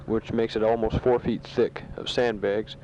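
Soldier in his bunker reading out news to family; flat, plain, matter-of-fact man, muffled lo-fi tape. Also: on the low side, a little hiss or hum. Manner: matter-of-fact, halting with many fillers. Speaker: soldier sending a taped letter home. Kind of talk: casual spoken letter. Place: sandbag bunker in a war zone. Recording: dull lo-fi home tape recording.

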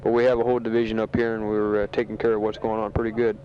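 A man who is a soldier, recording a casual spoken letter home from a sandbag bunker, talking matter-of-factly with a halting delivery full of fillers, on a dull home tape recording. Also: fairly low pitch, completely flat delivery, slight background noise. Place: sandbag bunker in a war zone.

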